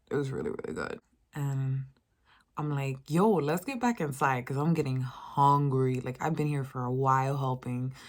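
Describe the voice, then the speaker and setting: Vlogger, woman, 20s, low-pitched, casual profane storytime rant with quoted voices. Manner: animated, profane, mimics others in a higher voice.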